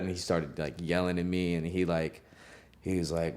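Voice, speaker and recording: Very deep-voiced young man telling stories. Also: unhurried, long pauses. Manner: relaxed, heavy use of "like" and "you know", laughs often. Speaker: recording engineer. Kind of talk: casual interview storytelling.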